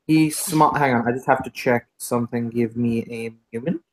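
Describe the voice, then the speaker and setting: A man's voice: mid-range voice, normal speed, poor audio. A man playing a tabletop game, speaking bluntly and casually. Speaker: player.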